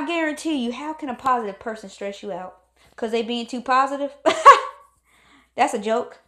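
A woman's voice: fairly high pitch, a bit bright. A woman giving a motivational pep talk, emphatic and preachy, repeating phrases for stress. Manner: calls on God in exclamations. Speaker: motivational speaker.

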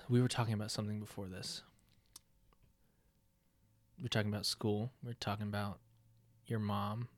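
A man's voice: on the low side, level tone, normal speed, pauses often, dry recording. A young man hosting a podcast, chatting casually with a friend, goofy and jokey, laughing often. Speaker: podcast host. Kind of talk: casual chat.

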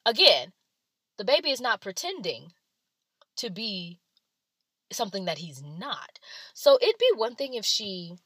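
Blunt, sarcastic woman with a bright, sharp voice. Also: mid-range voice, big pitch swings, unhurried, long pauses, breathy edge, dry recording. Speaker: celebrity gossip commentator. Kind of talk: casual gossip commentary.

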